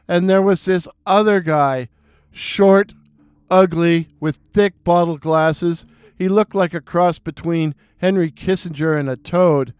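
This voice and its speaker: A man from New York City telling a rambling, digressive story in a casual, unhurried way. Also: fairly high pitch, darkish tone, clean tone, no echo. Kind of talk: casual spoken reminiscence.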